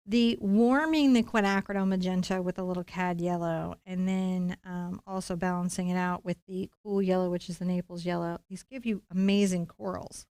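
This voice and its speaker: A woman's voice: on the low side, fairly even intonation, moderate pace, few pauses, darkish tone, clean tone, no echo, clean studio sound. A woman leading a live-streamed painting lesson, talking playfully and encouragingly straight to her viewers. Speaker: painting instructor.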